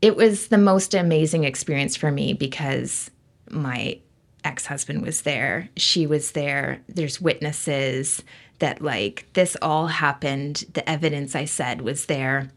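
A woman appears as a guest on an interview show, recounting a personal experience with a lot of energy. Her voice sits on the low side for a woman. She fills the story with "like" and acts out every quoted line. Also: slow pace. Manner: expressive, leans on "like" and acted-out quotes. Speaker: guest, intuitive medium.

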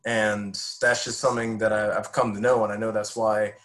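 A man's voice: lowish voice, little pitch movement, moderate pace, a bit bright, rough recording. Earnest young man giving testimony. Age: 20s. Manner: earnest, heartfelt storytelling. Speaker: podcast guest. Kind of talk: personal faith testimony.

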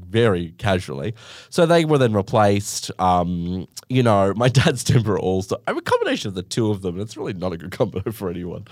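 Young Australian man, podcast host, lively sarcastic storyteller with a low voice and a dry, close sound. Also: no echo. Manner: animated, sarcastic, acts out others in high mocking voices. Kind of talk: casual storytelling monologue.

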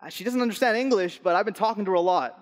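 Young male pastor, fairly high voice, earnest sermon delivery, long hall reverb. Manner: earnest, slow and soft on key phrases. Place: church hall.

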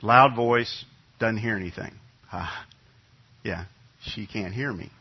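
A middle-aged male pastor tells a homely story from the pulpit, easygoing and full of little restarts. His voice is a touch husky, and it comes across a bit dull and muffled, like a church sound system. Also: fairly low pitch, slow pace. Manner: conversational, folksy storytelling with many restarts. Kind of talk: sermon with personal anecdote. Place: church sanctuary.

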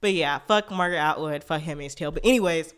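A podcast host ranting in a blunt, profane way, jumping fast between tangents, stuffy-nosed from allergies. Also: mid-range voice, fairly bright tone, clean tone. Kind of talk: casual solo podcast rant.

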